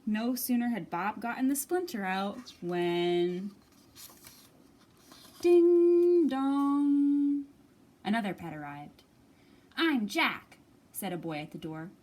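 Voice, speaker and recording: A woman librarian reading a picture book aloud at a children's storytime, expressive and animated. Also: fairly low pitch, moderate pace, hardly any pauses.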